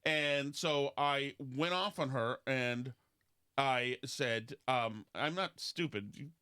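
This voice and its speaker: A man, hosting a casual podcast and telling rambling stories in which he mimics other people in high voices. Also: takes it slowly, pushed and bright, smooth. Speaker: podcast host. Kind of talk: casual talk show banter.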